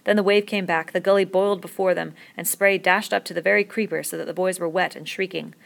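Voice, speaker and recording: A woman reading a novel aloud in a steady, measured narration. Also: lowish voice, creaky. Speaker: audiobook reader.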